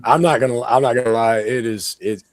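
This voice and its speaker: A man with a hoarse, sick voice, rambling casually as a co-host on a live-streamed talk show. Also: mid-range voice, fairly even intonation, brisk, no room sound. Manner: rambling, chatty, many "like" fillers and laughs. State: hoarse, sick with sore throat. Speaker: podcast co-host.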